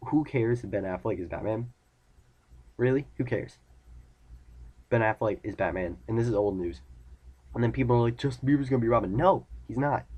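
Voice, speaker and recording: A man's voice: on the low side, dark tone, slightly rough. A teenage boy ranting casually to camera, rambling and irritated, retelling conversations with friends. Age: teens. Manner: rambling, irritated, talks in retold dialogue. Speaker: vlogger.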